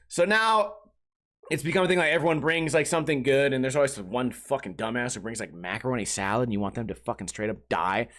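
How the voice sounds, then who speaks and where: A man's voice: mid-range voice, quick pace, a bit bright. A man in his thirties hosting a casual comedic podcast, rambling crudely and filling his talk with filler words. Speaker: podcast host.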